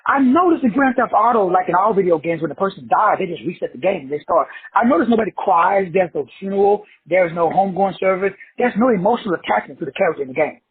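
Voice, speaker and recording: A self-help show host delivers a preachy, profane, blunt motivational monologue, speaking directly to listeners. His voice is husky, high-pitched and expressive, moving quickly with few pauses, and the recording sounds dry, tinny and phone-like.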